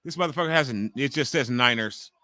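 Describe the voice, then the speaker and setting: Excitable man in his forties, bright voice. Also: medium pitch, fast talker, no echo, clean studio sound. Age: 40s. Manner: profane, ranting, excitable reactions. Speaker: live stream host. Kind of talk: casual wrestling watch-along commentary.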